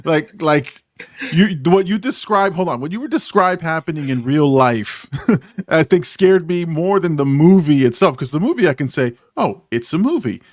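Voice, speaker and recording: A man's voice: fairly high pitch, animated, normal speed. A man in his forties hosting a casual movie chat, rambling and self-deprecating, laughing often. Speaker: podcast host.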